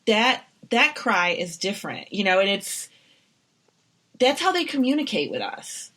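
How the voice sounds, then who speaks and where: A middle-aged woman co-hosting a podcast, telling a personal story in a chatty, animated way with many fillers. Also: medium pitch, a little slow. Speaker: podcast co-host. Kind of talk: casual podcast chat.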